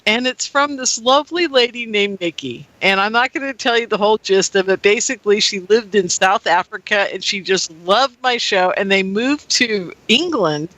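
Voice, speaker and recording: A woman radio host talking in a rambling, animated way, laughing often as she speaks to her listeners. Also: fairly high pitch, dry recording, rough recording. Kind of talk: casual personal monologue.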